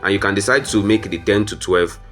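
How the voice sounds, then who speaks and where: Low-voiced man walking through a design tutorial. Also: a little fast, a bit bright, faint music behind. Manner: step-by-step instructions, frequent "um" fillers, addresses viewers as "guys". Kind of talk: screen-recorded software tutorial.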